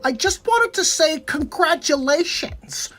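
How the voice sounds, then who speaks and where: A man's voice: very high-pitched, lively intonation, unhurried, a bit bright, soft background music, voice pushed up, full character voice. A man doing an impression of a nerdy male tech billionaire, chipper and raised.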